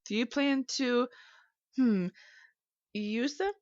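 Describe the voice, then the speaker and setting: A woman's voice: fairly high pitch, takes it slowly, dull audio, noisy background, voice pushed up. Woman voicing a wry, probing detective. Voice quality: sarcastic, questioning.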